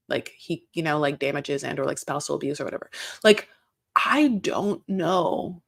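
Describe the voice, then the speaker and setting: A woman's voice: low voice, moderate pace, vocal fry. A woman host chatting casually as she recaps reality TV. She rambles, talks in circles and swears.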